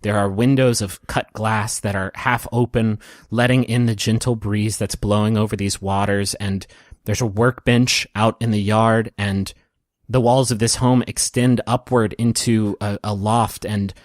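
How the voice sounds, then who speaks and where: Gentle man narrating a tabletop game. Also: on the low side, steady tone, dry recording, studio quality. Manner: gentle, unhurried storytelling. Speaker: game master. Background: soft piano and guitar music.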